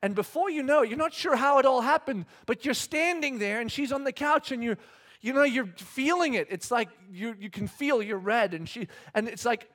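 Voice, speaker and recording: A man in his thirties delivers a sermon with a high voice, mixing personal stories with scripture. He acts out the scenes he describes and jokes at his own expense. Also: brisk. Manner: animated storyteller, acts out scenes, self-deprecating humor. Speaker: pastor. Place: church hall with congregation.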